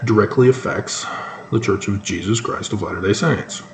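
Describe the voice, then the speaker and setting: A man giving solo news commentary on his own channel, talking in a halting way with sudden emphatic bursts. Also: on the low side, echoey room, slight background noise. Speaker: YouTube commentator.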